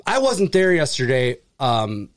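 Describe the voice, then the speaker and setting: A man telling a story in casual chat, acting out the people in it with jumps in voice and plenty of swearing. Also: unhurried. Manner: animated, acts out quoted people with pitch jumps, swears freely. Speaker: furniture delivery and service worker.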